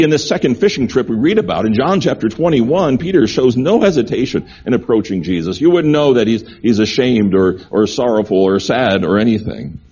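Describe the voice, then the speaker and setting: A man's voice: medium pitch, mellow, husky, muffled recording. A man preaching a sermon, earnest and repeating key phrases for emphasis. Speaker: pastor.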